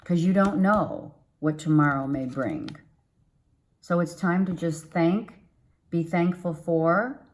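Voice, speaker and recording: Very animated but unhurried, a woman on the low side of the pitch range rambles through a casual tarot reading for her viewers. She repeats herself often and keeps things upbeat and encouraging.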